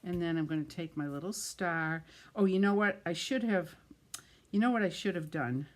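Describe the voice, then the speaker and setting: Making a card while she explains the steps, a middle-aged woman talks in a lowish voice at a moderate pace. She is chatty and pokes fun at herself, stumbling over words and laughing about it.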